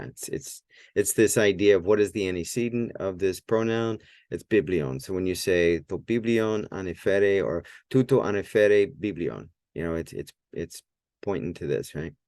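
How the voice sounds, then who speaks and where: Deep-voiced man teaching at a whiteboard. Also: no echo. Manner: relaxed, thinking aloud with many fillers and restarts. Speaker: Greek teacher. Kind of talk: whiteboard language lesson.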